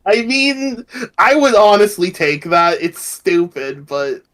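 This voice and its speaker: Joking man with a lively high-ish voice. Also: slow. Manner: joking, teasing, laughs a lot. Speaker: podcast co-host. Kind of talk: casual review chat.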